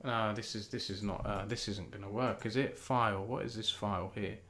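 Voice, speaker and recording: A man's voice: on the low side, fairly even intonation, brisk, fairly bright tone, reverberant. A British man hosting a casual live-streamed esports news chat. He talks in a chatty way, restarts often and thinks aloud.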